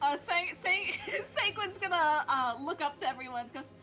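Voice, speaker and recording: High, lively, giggly woman. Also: normal speed. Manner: giggly, stumbling over words. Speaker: player. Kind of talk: casual tabletop play.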